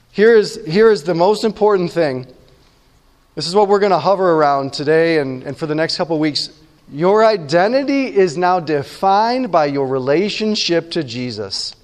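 A pastor giving a conversational sermon, often checking in with the room with quick questions. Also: male voice, fairly high pitch, big-room sound.

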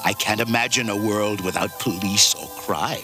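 A low, sly cartoon villain, speaking in an even, measured way. Music and soft chimes play clearly under the clip, which sounds lifted from a show. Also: male voice. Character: scheming villain from a cartoon series, calm and sly.

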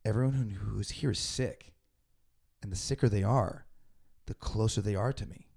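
A man's voice: fairly low pitch, normal speed, vocal fry, darkish tone, breathy edge. A man, in his forties, telling a rambling story in a laid-back, casual conversation. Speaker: podcast host.

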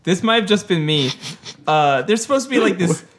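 A man co-hosting a podcast in casual chat. He is blunt and swears, and he thinks out loud. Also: high-pitched, lively intonation, brisk. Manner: blunt and profane, thinks aloud. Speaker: podcast co-host.

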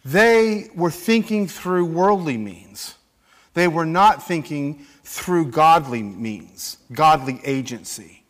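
Guy preaching in church, pretty high voice, really animated, acts out the lines. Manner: animated, acts out scripture quotes. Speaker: pastor. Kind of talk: sermon.

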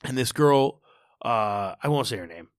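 A man's voice: medium pitch, animated, unhurried, clean tone, no echo, studio quality. Rambling man telling a wild story. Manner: rambling, lots of likes and swearing. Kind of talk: casual storytelling.

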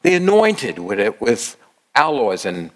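A man preaching a dramatic sermon, retelling the story with emotive storytelling that slows down and then suddenly rises. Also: mid-range voice, huge pitch swings.

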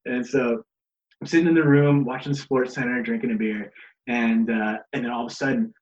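A man's voice: medium pitch, steady tone, fairly quick, darkish tone, dull audio. Profane, laughing man telling wrestling stories. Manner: profane, laughing, acts out others' lines. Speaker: guest, pro wrestler. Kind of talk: casual storytelling.

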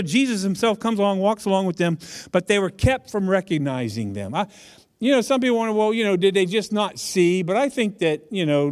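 A man preaching a casual, conversational sermon, chatty and humorous, speaking directly to his audience. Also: high voice.

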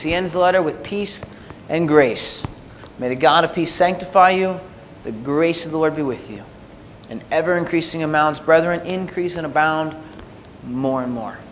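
A male pastor preaching a sermon with emphatic, animated delivery, recorded in a church. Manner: animated, emphatic preaching, quieter closing prayer. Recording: reverberant hall with faint rumble.

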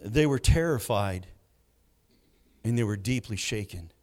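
A man preaching a sermon, swinging between hushed moments and loud bursts. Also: fairly low pitch, animated, unhurried. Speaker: pastor.

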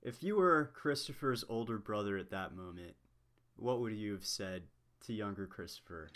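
Man, interviewer, low voice, short gentle questions, casual. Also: expressive, normal speed.

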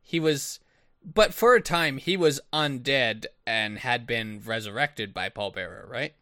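A man with a bright, forceful voice talks slowly in casual podcast chat. He thinks aloud and asks questions to check his understanding. The sound is dry, with no room around it. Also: mid-range voice, lively intonation, no echo. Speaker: podcast co-host.

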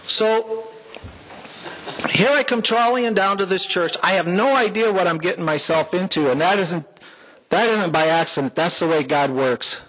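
A man's voice: high-pitched, normal speed, a bit bright, low-quality recording. A man giving a folksy, heartfelt personal testimony to a church congregation, with small jokes along the way. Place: church sanctuary, before the congregation.

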